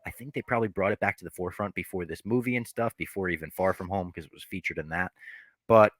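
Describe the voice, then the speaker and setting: A man's voice: deep voice, fast, no echo. A man hosting a podcast, recapping a movie in loose, rambling chat and swearing freely. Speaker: podcast host.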